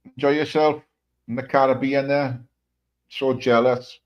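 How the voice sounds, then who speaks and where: A man's voice: medium pitch, level tone, unhurried, lo-fi sound. A man hosting a live stream, chatting casually and swearing, talking straight to his viewers. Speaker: stream host.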